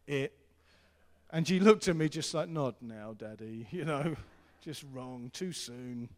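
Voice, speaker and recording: A middle-aged man preaching a sermon as pastor, earnest and repetitive, swinging between loud appeals and hushed tones. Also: mid-range voice. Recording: long hall reverb.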